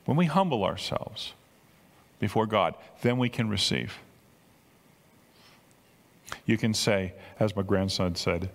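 A man's voice: fairly low pitch, slow pace, long pauses, long reverb tail. An older man preaching a sermon in a conversational way, often repeating words and building to emphatic peaks. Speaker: pastor.

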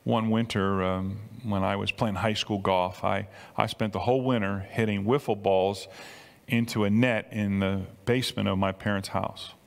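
A man's voice: fairly low pitch, steady tone, moderate pace, vocal fry, in a large hall. An older man preaching a sermon in a conversational way, often repeating words and building to emphatic peaks. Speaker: pastor.

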